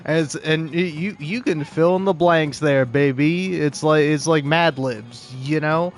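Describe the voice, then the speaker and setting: A man's voice: a little high, a little slow. A man commentating on a gaming livestream who rants, swears and makes theatrical outbursts.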